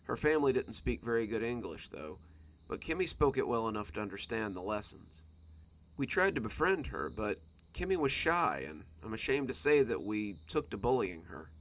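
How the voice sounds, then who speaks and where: A man narrating a scripted horror story for a storytime channel, reading in a dramatic, expressive way. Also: mid-range voice, normal speed.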